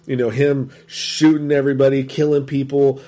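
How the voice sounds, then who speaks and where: A man's voice: medium pitch, flat delivery, normal speed, mellow. A man in casual, profane conversation reviewing a movie, laughing often and talking with animation.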